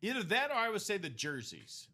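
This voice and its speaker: A man's voice: high voice, a little fast. A man hosting a live sports break stream, calling out teams and players and chatting casually. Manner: excited reactions to pulls. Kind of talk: casual chat while opening breaks.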